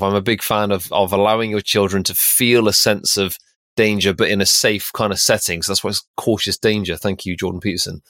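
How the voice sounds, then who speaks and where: A lower-pitched man on a podcast, recorded dry and close to the mic with no room around him. He reflects out loud, asking himself one question after another as he works through a thought. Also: no room sound. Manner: reflective, thinks aloud with rhetorical questions. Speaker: podcast co-host. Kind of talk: casual conversational discussion.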